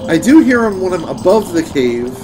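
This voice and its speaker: A man's voice: high-pitched, big pitch swings, normal speed, poor audio. Male streamer, playful and sarcastic banter, bouncy voice, game music running underneath. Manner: sarcastic, playful banter with a co-player, swears freely. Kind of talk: casual gameplay chat.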